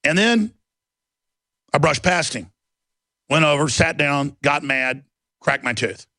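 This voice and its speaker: A gravelly, fry-laden man holds forth as a talk radio host, ranting and spinning anecdotes. His voice sits a bit high for a man. The sound is close and dry, with no room around it. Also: expressive, slow pace, sharp tone, no room sound. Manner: ranting, storytelling, acts out quoted voices.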